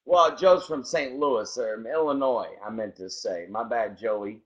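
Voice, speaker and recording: A man's voice: medium pitch, a little slow. Enthusiastic man on dull lo-fi audio. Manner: enthusiastic, greets listeners by name. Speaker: podcast co-host. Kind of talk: casual chat. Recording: dull lo-fi sound.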